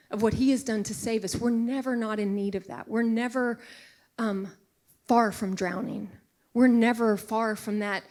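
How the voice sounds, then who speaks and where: Middle-aged woman preacher, fairly high voice, earnest and emotional sermon delivery with hushed asides. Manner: earnest, emotional, drops to a hushed whisper for emphasis.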